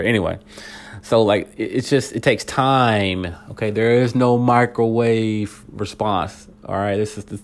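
A man's voice: deep voice, slight background noise. A man giving parenting advice in a rambling, conversational way, full of fillers and restarts, talking straight to his listeners. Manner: conversational, addresses listeners directly. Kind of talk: casual spoken talk.

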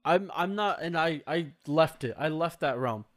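A man's voice: lively intonation, normal speed. A young man in a casual group conversation, talking heatedly and swearing often. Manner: heated, swears a lot, rising pitch when worked up.

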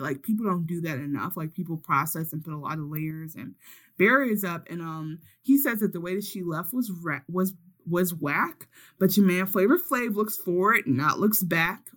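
Podcast co-host, woman with a lower voice, lively storyteller who acts out every quote. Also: moderate pace. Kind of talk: casual recap chat.

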